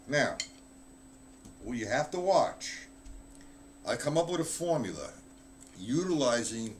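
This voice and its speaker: A man's voice: mid-range voice, a little hiss or hum. A man giving a live drum lesson, talking bluntly and offhand while he counts out stickings aloud. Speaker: drum teacher.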